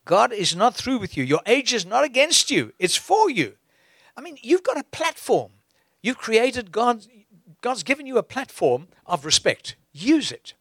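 A man's voice: extremely high pitch, very animated, measured pace, fairly bright tone, no room sound. A man preaching a sermon in an exhorting way, breaking into chuckles.

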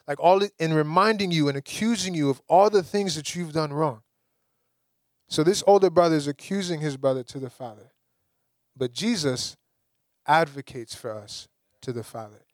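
A young preacher from the Caribbean delivers a sermon with lively energy. He keeps building to emphatic high points. His voice sits a touch high, and the sound is dry and close. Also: dry recording. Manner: lively, rising to emphatic peaks.

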